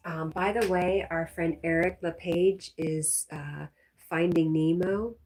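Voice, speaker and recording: A woman's voice: lowish voice, fairly even intonation, takes it slowly, a little mellow. A woman from Connecticut hosting a casual livestream, chatting, laughing often and reading viewer comments aloud. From Connecticut, USA. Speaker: livestream host.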